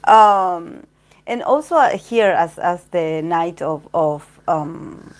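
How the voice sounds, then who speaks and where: A woman's voice: lowish voice, lively intonation, slow. Female tarot reader, casual and chatty, rambles through her readings with lots of fillers. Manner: rambling, heavy use of "like" and "you know".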